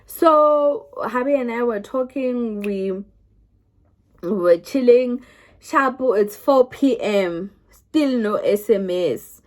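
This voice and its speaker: A woman's voice: a little high, lively intonation, takes it slowly. A young South African woman telling her own story to the camera in a chatty way, often restarting her sentences. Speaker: vlogger.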